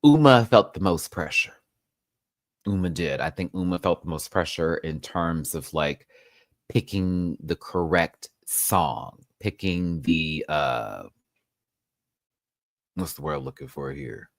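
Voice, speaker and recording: A man hosting a casual live review, campy and sassy, laughing often and swinging his pitch wildly. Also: expressive, slow, gravelly, no echo, studio quality. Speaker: show host, reality TV reviewer.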